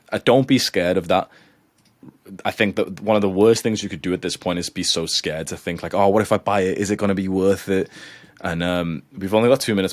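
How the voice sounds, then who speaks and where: A man's voice: sits low, dry recording. A man coaching a class, talking casually with lots of fillers and getting heated and swearing as he pushes his point. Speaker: coach lecturing students. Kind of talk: live lecture.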